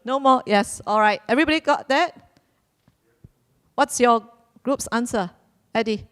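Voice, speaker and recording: A woman's voice: a little high, unhurried, a bit bright, clean tone. A woman hosting a live quiz at a community celebration, playful and repeating her instructions, laughing now and then. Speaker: quiz host.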